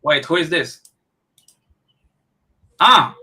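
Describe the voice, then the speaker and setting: A man's voice: on the high side, unhurried, sharp tone. A man on a livestream panel, bashful about praise and hamming it up when welcoming a guest. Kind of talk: casual chat.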